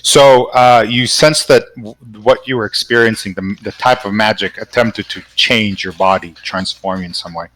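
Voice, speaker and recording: Guy dm-ing a tabletop game, lowish voice, slow, lots of ums. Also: fairly even intonation, fairly bright tone, low-quality recording. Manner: slow, hesitant narration with fillers. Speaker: dungeon master.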